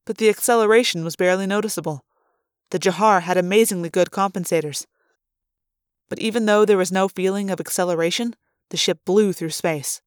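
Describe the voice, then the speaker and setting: A woman reading a science fiction novel aloud in steady, clear narration. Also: mid-range voice, brisk, dry recording, studio quality. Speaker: audiobook reader.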